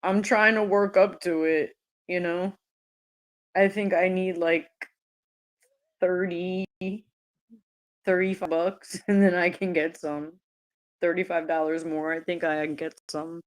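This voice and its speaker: A woman's voice: lowish voice, little pitch movement, slow, long pauses. A woman live-streaming, talking casually to her chat, laughing often and swearing freely. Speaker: livestreamer.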